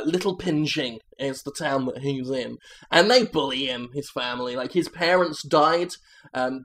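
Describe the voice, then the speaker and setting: Comedy host, male, slightly high voice, rambling deadpan improv delivery. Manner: rambling, deadpan absurd pitch meeting.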